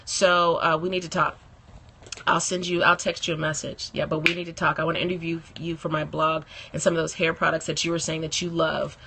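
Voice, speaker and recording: A woman's voice: deep voice, little pitch movement, a little fast, vocal fry, background noise. A woman hosting a casual live stream from her phone, chatting and laughing often and greeting viewers by name.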